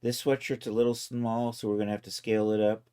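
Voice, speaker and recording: A man casually talking himself through each step of a software task on a live stream, loose and self-mocking. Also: mid-range voice, little pitch movement, fast, clean tone. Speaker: livestreaming 3D content creator.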